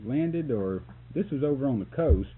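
Talking at a normal speed in a mid-range voice, a man shares a photography-job story in a recorded interview, laughing frequently and becoming animated for the punchline. The recording is tinny lo-fi tape with hum.

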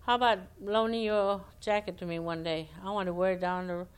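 A woman's voice: mid-range voice, fairly even intonation, brisk, clear, resonant tone, natural voice. A woman voicing a pushy, scheming male rabbit trickster in a folktale, coaxing and wheedling.

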